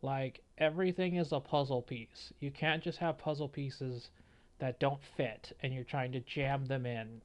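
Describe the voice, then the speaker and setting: Smooth-voiced man rambling through a reaction. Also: mid-range voice, fairly even intonation, unhurried. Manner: rambling, many fillers, opinionated. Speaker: gaming video creator. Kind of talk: reaction commentary.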